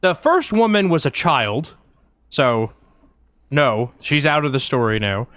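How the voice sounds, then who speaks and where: A man's voice: medium pitch, very animated, measured pace, a bit bright, dry recording. A man co-hosting a podcast, telling a long, rambling anecdote in casual chat with lots of fillers, recorded on a close mic. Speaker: podcast co-host.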